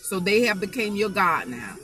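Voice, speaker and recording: A woman's voice: mid-range voice, sing-song, normal speed, fairly bright tone, slight background noise. A woman preaching an informal spoken sermon, emphatic and folksy, repeating her phrases to drive the point home.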